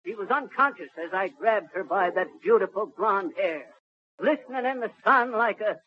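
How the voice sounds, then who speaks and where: A boastful middle-aged man, the comic lead of a 1930s radio comedy, spins tall tales in a high, folksy male voice with lively intonation at a moderate pace. He blusters and rambles in ungrammatical speech, heard through a muffled recording with faint hiss.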